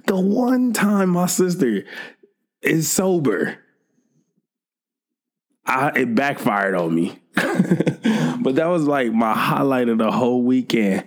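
A young man hosting a podcast, telling a funny weekend story in a laid-back, casual way, swearing often and laughing a lot. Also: lowish voice. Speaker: podcast host.

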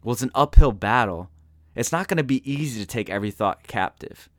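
A man's voice: medium pitch, lively intonation, fairly quick, no echo. A man giving an earnest motivational talk in a storytelling manner. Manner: earnest, storytelling, acts out quoted voices. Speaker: motivational speaker.

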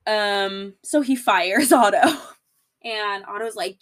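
A woman hosting her own podcast in loose, chatty recap mode. She talks in a valley-girl rhythm packed with "like," swears freely, and laughs at herself as she goes. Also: medium pitch. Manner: animated, filler-heavy valley-girl talk, acts out characters in quick quoted voices. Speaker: podcast host. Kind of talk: casual recap chat.

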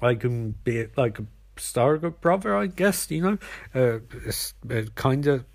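A man's voice: mid-range voice, expressive, normal speed, gravelly. A stammering, sheepish male supervillain who rambles through his excuses, as a man puts him on. It stays close to the man's own plain voice. It is a comic retelling of a show. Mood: rambling.

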